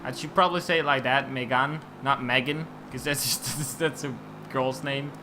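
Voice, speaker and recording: A man's voice: medium pitch, fairly even intonation, normal speed, background noise. A young man from Belgium with a Dutch-native accent, rambling and tripping over words while commentating on a racing game. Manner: rambling, stumbling over words, swearing casually. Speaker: gaming YouTuber. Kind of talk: gameplay commentary.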